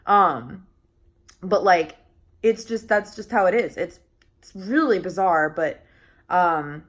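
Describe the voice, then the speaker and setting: A woman's voice: on the low side, expressive, slow pace. Chatty young woman vlogging. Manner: chatty, many fillers and restarts, laughs often. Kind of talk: casual vlog chat.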